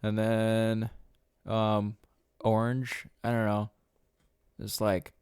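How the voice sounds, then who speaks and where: Rambling man with a smooth low voice. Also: completely flat delivery, very slow, a little mellow, no echo. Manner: rambling, swears often, laughs at own jokes. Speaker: podcast host. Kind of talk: solo casual rant.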